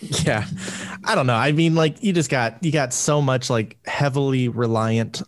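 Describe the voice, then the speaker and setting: A man as a guest on a casual podcast, animated and slipping into mimicked voices. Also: mid-range voice, a little slow.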